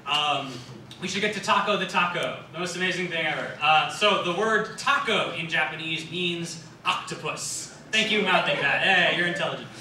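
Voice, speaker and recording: A man's voice: a little high, normal speed, bright, forceful tone. A young man on a convention panel, rambling through a funny story, laughing often and acting out quotes. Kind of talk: casual comedic storytelling. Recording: echoey hall, distant mic, noisy.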